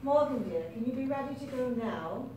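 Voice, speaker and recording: A woman playing a patient adult drama teacher who directs a school play and gently coaches her students. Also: high-pitched, lively intonation, brisk. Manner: encouraging, instructive. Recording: distant very echoey noisy room.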